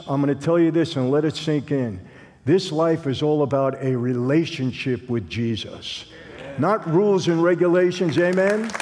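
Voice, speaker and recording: Long hall reverb surrounds a man with a fairly high, slightly mellow voice and a Brooklyn accent. Originally from Brooklyn, New York, he preaches a testimony sermon as a guest speaker, streetwise and conversational, acting out the dialogue.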